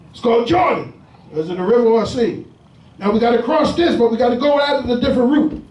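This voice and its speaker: High-voiced shouting pastor in echoey church. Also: male voice, far from the mic. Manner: call-and-response preaching, often shouting. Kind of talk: sermon. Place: church sanctuary with congregation.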